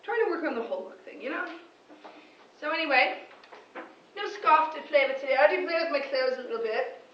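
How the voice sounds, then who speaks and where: A woman teacher talking in an excited, rambling vlog monologue, laughing often and jumping between thoughts. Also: sits high, a little fast. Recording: echoey room, distant dull lo-fi mic, faint noise.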